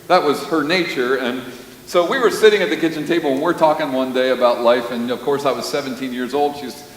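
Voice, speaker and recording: A pastor preaching a sermon, telling stories with lively, animated delivery and sudden loud bursts. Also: male voice, medium pitch, a little fast. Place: church sanctuary. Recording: roomy hall reverb with faint hiss.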